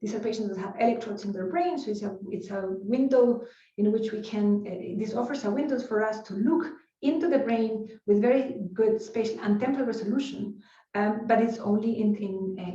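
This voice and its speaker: A neuroscience researcher whose first language is Spanish gives a conference lecture in a warm, medium-pitched female voice. She sounds conversational, peppered with "you know" and restarts, and the lecture-hall recording is roomy, distant and dull.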